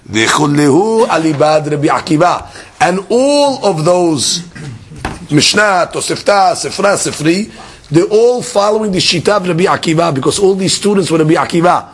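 A man teaching a Talmud class, explaining passages with lively emphasis, mixing Hebrew-Aramaic terms into English and repeating words as he works through the argument. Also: on the high side, breathy edge.

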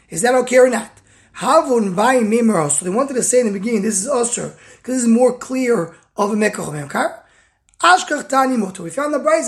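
A Talmud teacher with a slightly high voice leads a text study lesson phrase by phrase. She reads a line of the original, then pauses to unpack it in plain English, speaking in short bursts with the odd restart.

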